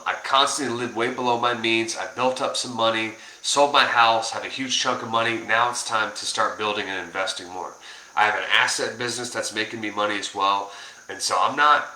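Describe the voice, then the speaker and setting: A man talking casually to camera as a personal finance vlogger, energetic and rambling, coaching viewers with lots of fillers and restarts. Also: fairly low pitch, reverberant, rough recording. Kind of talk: casual direct-to-camera talk.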